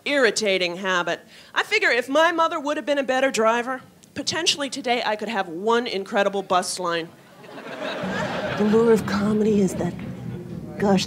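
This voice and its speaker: A woman's voice: a little high, animated. Wry self-mocking woman doing stand-up. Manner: wry, self-mocking, quick shifts into mock voices. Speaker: stand-up comedian. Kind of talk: stand-up comedy set. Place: comedy club stage. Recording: live club recording with audible noise.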